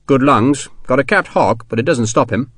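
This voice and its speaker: A man voicing an eager, headstrong British general who speaks briskly and commandingly. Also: mid-range voice, fairly bright tone, no room sound, clean studio sound, close to an everyday voice. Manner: brisk, commanding, quick to laugh.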